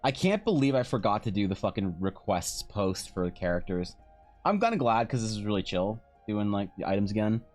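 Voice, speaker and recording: Brief: deep-voiced male streamer, loose rambling chat, faint music under it. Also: big pitch swings, a little fast, a little mellow. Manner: rambling storyteller, swears casually, laughs often. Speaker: art streamer. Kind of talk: casual chat while drawing on stream.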